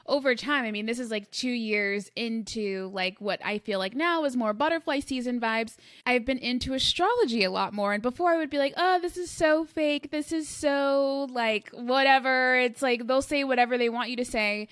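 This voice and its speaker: Young woman podcast host, higher voice, animated storyteller, chatty with fillers, dry close-mic sound. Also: a little fast, few pauses, no echo. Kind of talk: casual conversational interview.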